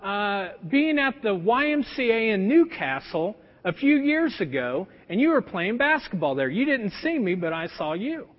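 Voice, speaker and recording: A male pastor quoting an old college acquaintance in a calm, plain retelling. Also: high-pitched, normal speed, few pauses. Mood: recalling. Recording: dull lo-fi sound with long church reverb.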